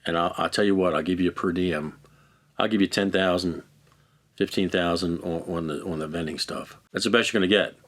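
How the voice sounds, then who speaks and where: A man's voice: low voice, steady tone, a little fast, fairly bright tone. A middle-aged man bluntly recounting his own past in a candid interview, swearing freely and acting out the arguments he describes. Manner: blunt, heavily profane, acts out quoted exchanges. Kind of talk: candid first-person storytelling.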